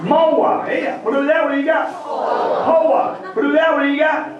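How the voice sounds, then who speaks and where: A man's voice: extremely high pitch, flat delivery, rapid-fire, shouting, dull audio. A man with a thick Maine accent, a humorist teaching a live audience how to talk like a local, joking and drawing the crowd into call-and-response. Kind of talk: stand-up comedy lesson to an audience. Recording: echoey hall, mic far off, crowd audible.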